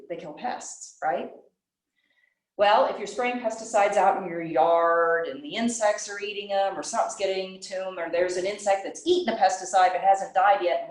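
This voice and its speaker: A woman presents a nature lesson for children, her voice swinging up and down as she asks and answers her own questions. She is heard from a distance, and the room gives her voice a noticeable echo. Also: mid-range voice. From Western North Carolina. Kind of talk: teaching children. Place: library room.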